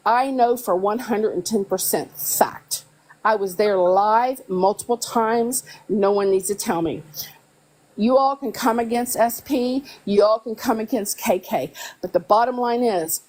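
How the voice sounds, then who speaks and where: Woman, high voice, congested, emotional and rapid, keeps restarting her sentences. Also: low-quality recording. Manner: emotional, rapid, repeats herself, stammers. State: congested, ears clogged after covid. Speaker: live stream guest. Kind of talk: heated argument on a live stream.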